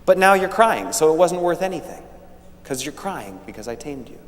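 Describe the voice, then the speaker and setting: A man's voice: a little high, very animated, moderate pace, voice pushed up. A man voicing a young boy prince from another planet who asks puzzled, pleading questions. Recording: echoey church hall, faint hum.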